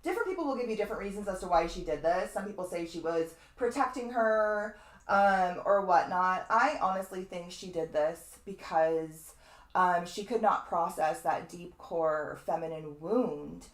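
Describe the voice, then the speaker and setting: A woman's voice: lowish voice, moderate pace. Chatty woman astrologer in an echoey room. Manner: chatty, digressive, fond of asides and mild swearing. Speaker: astrologer teaching a webinar. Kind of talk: casual spoken lecture.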